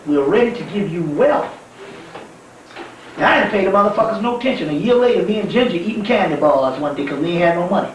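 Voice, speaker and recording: A male spiritual teacher delivers a profane, emphatic storytelling lecture and breaks into laughter often. His voice sits very high for a man. It is captured from a distance in a heavily echoing room, with a light hiss of noise underneath. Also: rapid-fire, few pauses. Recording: echoey room from far off, faint noise.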